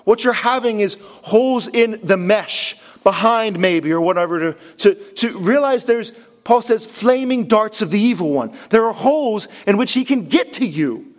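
A man, a pastor, preaching a sermon with earnest, emphatic delivery, repeating key phrases and dropping to a low, hushed voice when quoting. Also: lively intonation, normal speed. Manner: drops to a low, hushed voice to quote Jesus.

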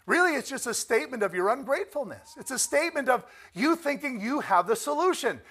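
High-voiced preacher calling out for amens. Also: male voice, big pitch swings, a little fast, breathy edge. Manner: emphatic, rising to near shouts on key phrases; asks the congregation for amens. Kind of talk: sermon.

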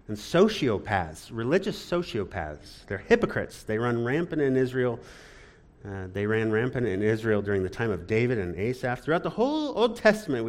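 A man preaching a sermon with dramatic emphasis, swinging between loud rises and quiet drops, with sarcastic asides. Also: mid-range voice. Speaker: pastor.

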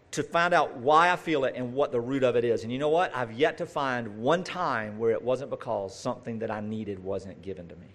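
A man preaching a conversational sermon, talking straight to his listeners with asides and rhetorical questions. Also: fairly high pitch.

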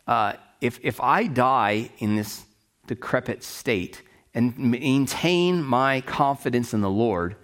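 A man leads a Bible study lecture in an easygoing, conversational manner. He paraphrases scripture in everyday words, restarts his sentences, and keeps checking in with his listeners. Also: fairly low pitch. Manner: conversational, checks in with "right?" and "okay?"; explains in plain paraphrase with restarts. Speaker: Bible teacher.

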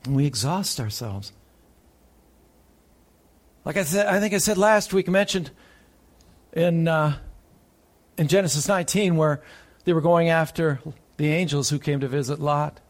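A man preaching a sermon, moving between urgent raised passages and quiet, hushed ones. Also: on the high side, a little slow, pauses often. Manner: preaching with sharp swings from loud urgent peaks to hushed tones.

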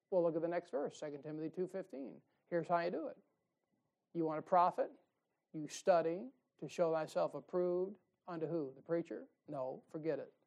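Fiery preacher man. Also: high-pitched. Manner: folksy, emphatic preaching with rising outbursts. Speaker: pastor. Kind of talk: fiery sermon. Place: church sanctuary.

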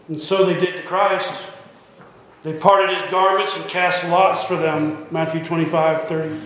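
A man's voice: fairly high pitch, little pitch movement, unhurried, fairly bright tone. A man preaching a sermon, pressing listeners with repeated rhetorical questions. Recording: heavy echo, long hall reverb.

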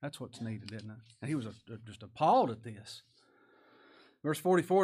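A man preaching a sermon as pastor, chuckling often and rising to loud emphatic bursts. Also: medium pitch, very animated, fairly quick, husky.

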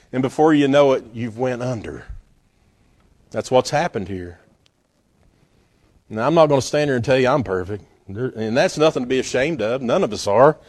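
A male pastor preaching a sermon, telling the story with animated, acted-out scenes and frequent laughs. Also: mid-range voice, no echo, studio quality.

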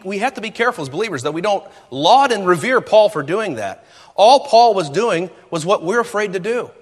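A male pastor preaching a sermon in an animated, conversational way, with quick asides and restarts. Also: sits high. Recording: long reverb of a large hall.

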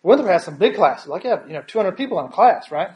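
A man's voice: high-pitched, sing-song, fast talker, a little mellow, a little hiss or hum. A man preaching in a sermon, retelling a story with frequent restarts and tag questions.

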